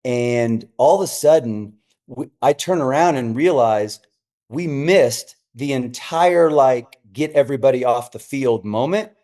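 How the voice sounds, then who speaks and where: A man's voice: mid-range voice, measured pace. A middle-aged man, a senior pastor, telling stories as a guest in a casual podcast chat, acting out the voices of people he quotes. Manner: animated, acts out quoted voices.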